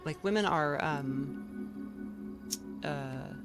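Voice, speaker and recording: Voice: medium pitch, extremely slow. A game streamer in casual let's play commentary, rambling with many fillers and restarts while speaking into a desk mic. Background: game music.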